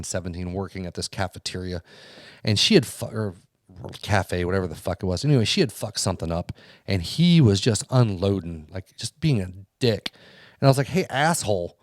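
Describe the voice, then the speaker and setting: Fast-ranting swearing man. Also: lowish voice, lively intonation, dry recording, clean studio sound. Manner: heated, swears constantly, acts out quotes. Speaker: podcast co-host. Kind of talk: casual profane podcast rant.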